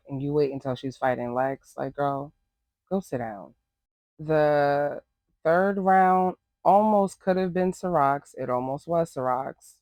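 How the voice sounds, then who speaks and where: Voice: medium pitch, dry recording. A host giving casual, sassy reaction commentary on a reality show, blunt and full of rambling asides.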